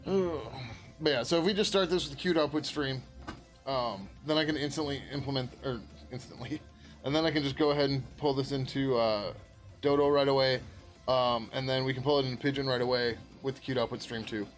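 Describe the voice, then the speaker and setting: A man's voice: mid-range voice, fairly even intonation, a little fast, faint music behind. Laid-back man rambling while coding. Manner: rambling, laughs often, answers chat; swears casually, many fillers. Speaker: software developer streaming his work. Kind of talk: casual live-stream chat while coding.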